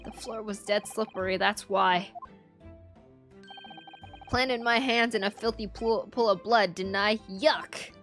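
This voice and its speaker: A woman's voice: mid-range voice, fairly even intonation, takes it slowly, pauses often, a bit bright, faint music behind. A woman voicing a brusque, threatening male police inspector in a detective game. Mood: gruff. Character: gruff bossy police inspector man.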